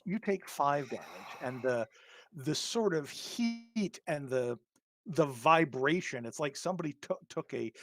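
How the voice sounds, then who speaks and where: A man acting as game master for a tabletop horror game, describing scenes in a halting way with many ums and restarts. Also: mid-range voice, fairly bright tone.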